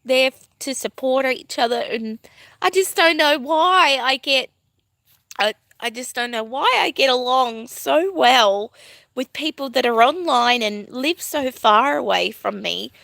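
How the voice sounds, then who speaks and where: A woman's voice: high voice, animated, a little slow, vocal fry, a bit bright, no echo. A woman in her thirties vlogging at home, talking to her viewers in a rambling, emotional, heartfelt way. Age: 30s. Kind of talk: casual talk to camera.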